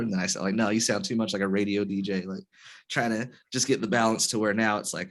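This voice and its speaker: Low-voiced man hosting a casual podcast. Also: fairly even intonation, a little fast, a bit bright. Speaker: podcast host.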